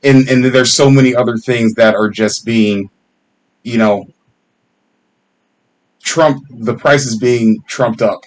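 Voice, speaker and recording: A man's voice: medium pitch, fairly even intonation, slow pace, long pauses, low-quality recording. A man co-hosting a podcast in casual chat, rambling and laughing as he talks and swearing freely. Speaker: podcast co-host.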